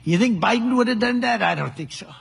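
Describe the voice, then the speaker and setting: Older man rambling in a gravelly voice. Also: extremely high pitch, animated, fast, in a large hall. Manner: rambling, boastful, fond of superlatives. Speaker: politician at a press event. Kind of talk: rambling off-the-cuff remarks.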